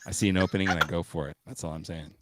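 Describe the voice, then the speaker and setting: A man's voice: low voice, fairly even intonation, very fast, background noise. A man co-hosting a casual podcast, laid-back and teasing, often trailing off. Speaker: podcast host. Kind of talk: casual chat.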